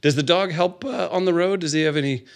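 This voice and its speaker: A man's voice: fairly high pitch, creaky. Easygoing male radio host. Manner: easygoing, laughs often, some filler pauses. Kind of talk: on-air interview and promo reads.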